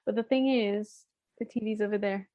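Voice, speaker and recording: A woman co-hosting a podcast, talking in an animated, chatty way in casual conversation. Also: medium pitch, normal speed, lo-fi sound. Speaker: podcast co-host. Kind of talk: casual chat.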